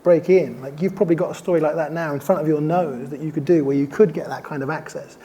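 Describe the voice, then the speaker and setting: Guy on a panel talking fast, warm soft voice, eager storytelling, lots of restarts. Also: on the high side, fairly even intonation, slight background noise. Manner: rapid, enthusiastic, self-correcting storytelling. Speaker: documentary filmmaker on a panel. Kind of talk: casual panel discussion. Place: festival stage panel.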